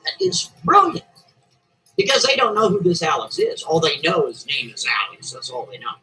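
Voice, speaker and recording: High-voiced rambling male storyteller. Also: sing-song, fairly quick, pushed and bright, faint music behind, low-quality recording. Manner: rambling, asks listeners "right?" and "see?". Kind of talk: casual spoken storytelling.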